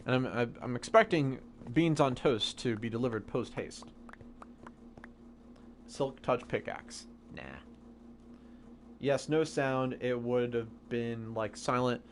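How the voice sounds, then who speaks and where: A man's voice: mid-range voice, measured pace, a little hiss or hum. A young man live-streaming a game, casually and patiently explaining science questions from chat.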